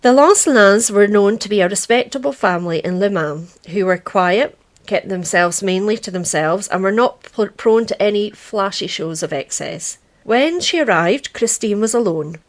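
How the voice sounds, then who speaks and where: A woman's voice: medium pitch, lively intonation, normal speed. A chatty woman from Britain hosts a true crime podcast. She reads the case in an easy, casual way and often drops into jokes and laughter with her co-host.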